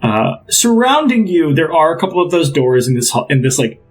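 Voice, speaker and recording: Husky-voiced man running a tabletop game. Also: fairly high pitch, very animated, fairly quick, poor audio. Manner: loose, rambling descriptions with many fillers. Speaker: game master.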